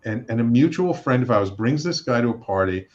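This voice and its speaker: Animated man telling a story, slightly dull sound. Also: mid-range voice, a little fast. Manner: animated, acts out quoted voices, frequent restarts. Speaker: guest, radio network producer and host. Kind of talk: storytelling in a casual interview.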